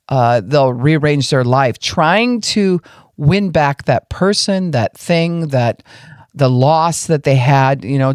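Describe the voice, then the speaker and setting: A man's voice: mid-range voice, no room sound, studio quality. A man giving an earnest teaching talk on a podcast, explaining emotions step by step and acting out people's inner voices. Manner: acts out people's inner voices in quoted lines. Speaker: podcast speaker on grief and emotions.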